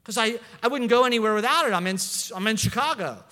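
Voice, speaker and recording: Animated high-voiced male pastor. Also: fast talker. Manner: animated, storytelling, frequent restarts. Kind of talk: sermon. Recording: long hall reverb.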